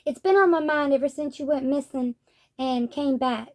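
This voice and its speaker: A woman's voice: sits high, moderate pace, darkish tone, lightly acted. A woman voicing a blunt, plain-spoken, grieving rural teenage boy, read from a manga.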